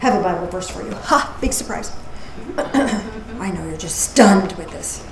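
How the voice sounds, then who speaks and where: A woman minister giving a casual, playful sermon with animated asides. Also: mid-range voice, unhurried. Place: church service. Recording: echoey room with faint noise.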